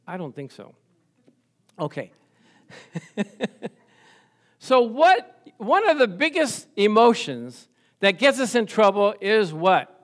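A middle-aged man preaches in a church, with a voice that sits notably high for a man. He keeps the tone conversational, acts out quoted voices and chuckles often. He keeps calling on the congregation for amens. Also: very animated, measured pace, a bit bright. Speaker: pastor. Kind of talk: sermon.

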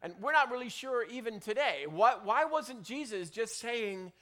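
A man pastor preaching a sermon in a conversational way, with many restarts and loud emphatic peaks. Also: very high voice, lively intonation, normal speed, few pauses.

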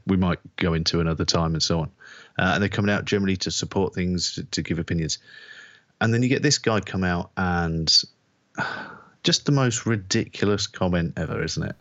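A man co-hosting a casual podcast chat, giving measured, earnest commentary. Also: low voice, no room sound, lo-fi sound. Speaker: podcast co-host.

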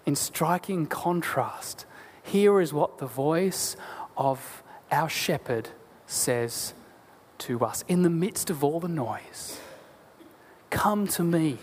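A man preaching a sermon as a pastor, earnest and deliberate, asking rhetorical questions. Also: a little high, a little mellow. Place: church. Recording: long church hall reverb.

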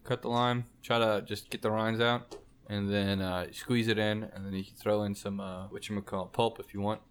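A man's voice: lowish voice, little pitch movement, normal speed. A man in a casual podcast chat, explaining things in a rambling way full of fillers. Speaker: podcast guest explaining a cocktail.

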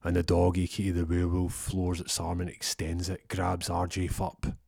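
A young man telling a comic story with lively energy, acting out the voices and sound effects. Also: sits low, normal speed, creaky, breathy edge, no room sound, clean studio sound.

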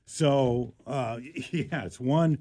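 A man's voice: mid-range voice, very slow, warm tone, no echo. A man co-hosting a radio show, chatting casually and jokingly about an odd news story, often restarting his sentences. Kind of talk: casual talk radio banter.

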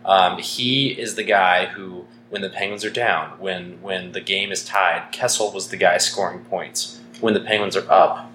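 A man's voice: low voice, steady tone, measured pace, few pauses, bright, forceful tone. A young man from Saskatchewan with a Canadian accent, co-hosting a podcast in casual chat, opinionated and dryly joking, with many ums. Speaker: podcast co-host. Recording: echoey room with faint noise.

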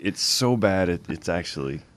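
Low, lively-voiced joking podcast host. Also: male voice, normal speed, a little hiss or hum. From Louisiana. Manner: joking, laughs often. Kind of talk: casual podcast chat. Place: studio.

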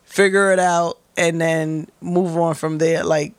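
Blunt, animated young woman. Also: on the low side, takes it slowly, smooth, no echo. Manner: blunt, profane, animated storytelling with acted-out quotes. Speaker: interview guest. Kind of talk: candid conversational interview.

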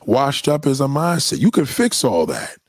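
A man's voice: mid-range voice, big pitch swings, moderate pace, no echo. A man giving blunt, profane opinions in a casual, emphatic rant, often repeating himself. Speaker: commentator.

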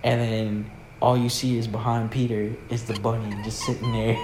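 A young man telling a wild comic story to friends in a loose, slangy, excitable way. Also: mid-range voice, unhurried, over music. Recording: echoey room with loud background noise.

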